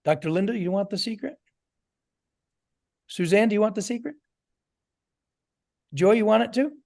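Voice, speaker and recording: A man in his forties, a network marketing trainer, tells stories and speaks straight to his group in an animated way over a video call. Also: high-pitched, moderate pace, creaky. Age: 40s. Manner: animated storyteller, addresses listeners directly. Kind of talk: motivational storytelling talk to a group.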